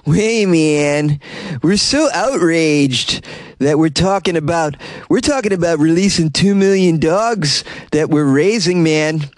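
A man's voice: a little high, slow, no room sound, studio quality, voice pushed up. A man voicing a laid-back stoner farmer who is outraged and drawls, ending lines with "man" and "bro.". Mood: indignant.

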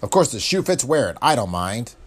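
A man's voice: medium pitch, very animated, fairly quick. A man voicing a tough, wisecracking male private eye who throws out sardonic, cocky jabs.

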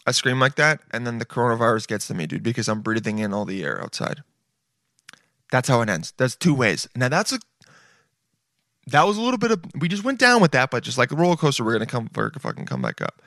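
A man's voice: mid-range voice, wildly swooping pitch, fast, a bit bright, no echo, studio quality. A man in his late twenties giving casual reaction commentary, swearing often and saying "dude" all the time. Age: late 20s. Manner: laid-back, swears often, says "dude" constantly. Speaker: video reactor. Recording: music playing behind the voice.

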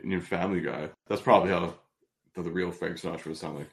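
A man's voice: deep voice, fairly even intonation, fast. A man co-hosting a casual chat, giving laid-back, dry replies. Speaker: podcast co-host. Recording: echoey room.

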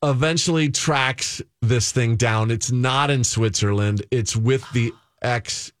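A man's voice: mid-range voice, takes it slowly, no echo. A man spins a long personal story in a loose, conversational way. He rambles and restarts, fills his sentences with fillers, and slips into other people's voices as he goes. His voice is dry and close, with no room sound. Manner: rambling, full of fillers and self-interruptions, acts out other people's lines. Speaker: guest telling a story.

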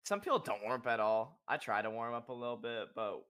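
A young musician guesting on a podcast talks a little fast in a clear, resonant, fairly bright voice. He rambles casually with filler words and swearing, and at points shows off singing in a high falsetto.

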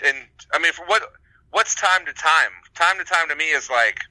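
A man's voice: on the high side, normal speed, pushed and bright, no echo, low-quality recording. A man co-hosting a podcast in casual chat, hesitant with lots of fillers and frequent laughter. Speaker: podcast co-host.

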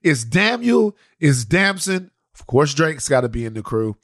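Animated man co-hosting a podcast. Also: a little high, measured pace, dry recording, clean studio sound. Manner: animated, restarts and repeats phrases. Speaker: podcast co-host. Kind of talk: casual chat.

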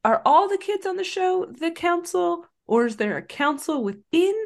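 A woman co-hosting a podcast, retelling a film's scenes in an animated, casual way with crude humor. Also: very high-pitched, normal speed, creaky. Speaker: podcast co-host. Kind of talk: casual chat, recapping a film.

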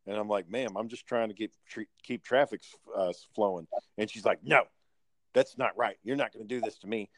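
A man telling work stories in casual chat, animated and profane, acting out the people in them. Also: on the low side, fairly quick, no room sound.

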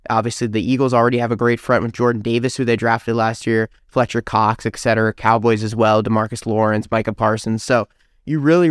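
Man, upbeat podcast co-host, smooth resonant voice, mid pitch, dry close mic. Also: no echo. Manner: upbeat, quick analytical rundown. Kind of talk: casual sports podcast chat.

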